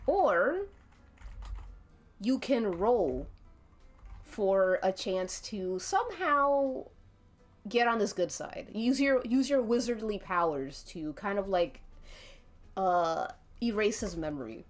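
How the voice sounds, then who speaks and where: A woman's voice: mid-range voice, animated, takes it slowly, long pauses. A woman narrating a tabletop game as game master on a live stream, chatty and laughing often. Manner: giggly, chatty.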